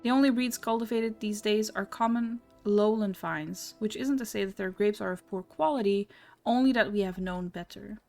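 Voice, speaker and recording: A woman's voice: mid-range voice, gravelly, a little mellow, soft background music, close to an everyday voice. A woman reading as a wistful wine lover. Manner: measured, storytelling reading.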